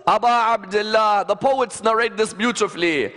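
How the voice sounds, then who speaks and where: A man preaching a sermon, retelling a story as a slow, lamenting, dramatic recitation with sighs. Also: high-pitched, fairly bright tone. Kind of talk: emotional religious sermon narration. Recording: long hall reverb.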